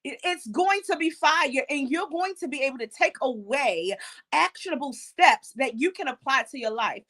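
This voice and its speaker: A middle-aged woman hosting an online talk show, energetic and preacherly, with many fillers. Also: high-pitched, normal speed. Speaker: host.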